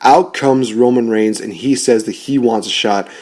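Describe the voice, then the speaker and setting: A man's voice: medium pitch, normal speed, a little mellow. A man giving casual, rambling commentary on rebooking wrestling storylines, often correcting himself.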